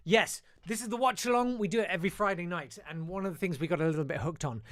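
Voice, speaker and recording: Male live-stream host, slightly high and chatty, dry close sound. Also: quick pace, dry recording. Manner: chatty, self-deprecating, with many fillers. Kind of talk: casual live-stream chat show.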